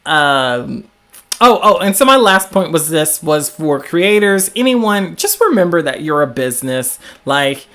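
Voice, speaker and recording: A host with a Southern US accent talking through a live stream in an easygoing, rambling way. The voice sits at a middle pitch and leans on "like" as a filler, stopping now and then to answer viewer comments. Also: sing-song, a little slow, a bit bright. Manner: frequent "like" fillers.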